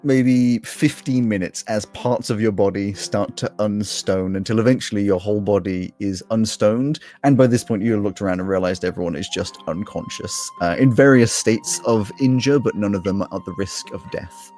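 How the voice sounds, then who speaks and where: A man's voice: fairly low pitch, moderate pace, few pauses. A man running a tabletop game as game master, narrating scenes vividly and laughing with the players. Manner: lively descriptive narration with laughter. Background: soft fantasy music.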